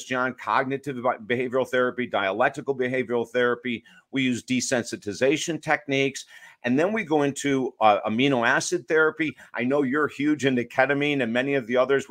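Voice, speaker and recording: Emphatic storytelling male counselor. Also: mid-range voice. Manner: emphatic, storytelling, lively asides. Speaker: author and addiction counselor. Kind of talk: podcast interview conversation.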